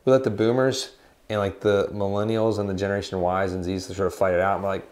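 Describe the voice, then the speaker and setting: A man in his forties with a lowish voice talks casually about guitars as a shop co-host. He rambles loosely from one story to the next and slips in deadpan jokes. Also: fast. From United States. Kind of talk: casual chat.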